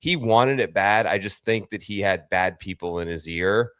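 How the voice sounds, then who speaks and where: A man's voice: deep voice, moderate pace, fairly bright tone, no room sound, studio quality. A man co-hosting a casual golf betting podcast, explaining his views with confident, opinionated certainty. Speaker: podcast co-host. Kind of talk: casual sports betting chat.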